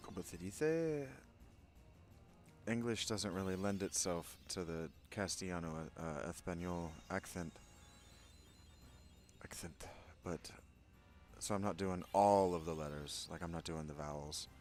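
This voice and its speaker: A man's voice: low voice, steady tone, normal speed, soft background music. A man casually commenting as he plays a game, chatty and reflective. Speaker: game streamer.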